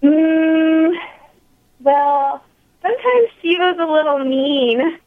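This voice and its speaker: Female caller, high pitch, shy, muffled lo-fi phone sound. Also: slow pace. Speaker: radio caller. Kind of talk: call-in chat.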